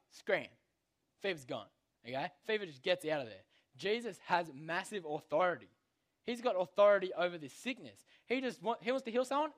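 A young man giving a casual, slangy Bible lesson to children, constantly checking in with "okay?". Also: on the high side. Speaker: youth Bible teacher.

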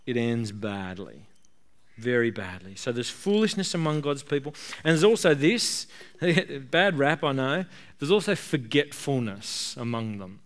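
A man's voice: medium pitch, a little slow. A man preaching a sermon in a conversational, emphatic way, often repeating words and using fillers. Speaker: pastor.

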